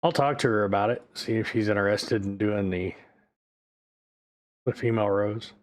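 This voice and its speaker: A man's voice: lowish voice, moderate pace. A male streamer in casual livestream chat, rambling, loose and profane.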